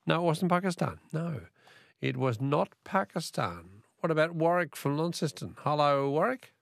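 An Australian man running a talkback radio quiz from the studio, with a gravelly edge to his voice. The sound is close and dry, with no room in it. He chats easily and keeps repeating the question to coax callers in. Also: fairly high pitch, animated, normal speed, no echo.

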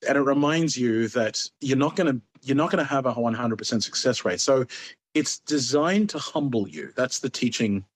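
A man's voice: mid-range voice, moderate pace. A man, a stand-up comedian, telling stories in a casual interview and acting out the voices of people he quotes. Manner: animated, acts out quoted voices.

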